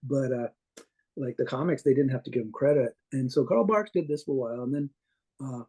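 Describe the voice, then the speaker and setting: A man's voice: mid-range voice, a little fast, mellow, husky. A man being interviewed as a guest artist, telling long, rambling anecdotes full of restarts and little chuckles. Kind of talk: casual interview storytelling.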